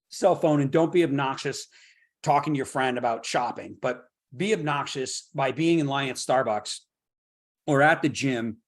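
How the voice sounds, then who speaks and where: A middle-aged man with a fairly high voice runs a motivational real estate workshop. He talks with steady energy and keeps asking "right?" to pull the room along. He drives his points home by stacking the same phrase over and over. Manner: energetic, repeats "right?" to draw in listeners; builds points through long repeated phrases.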